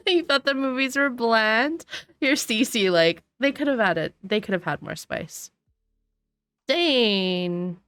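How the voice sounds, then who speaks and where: A woman's voice: on the high side, lively intonation, takes it slowly, fairly bright tone, dry recording. A woman streaming a game, chatting casually and answering her chat while sniffly and yawning. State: sniffly and sleepy. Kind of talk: casual gameplay commentary. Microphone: desk microphone.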